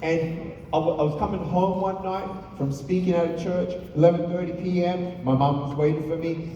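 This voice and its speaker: A man's voice: a little high, dull audio, slight background noise. A man giving a storytelling motivational speech to a live audience, full of rhetorical questions, recorded in an echoey hall from far off. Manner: animated, uses rhetorical questions. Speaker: motivational speaker. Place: large hall on stage.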